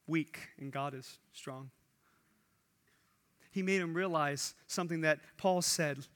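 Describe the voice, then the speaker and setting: High-voiced, bright, animated preacher man. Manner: animated preaching, acts out quoted speech. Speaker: pastor. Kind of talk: sermon.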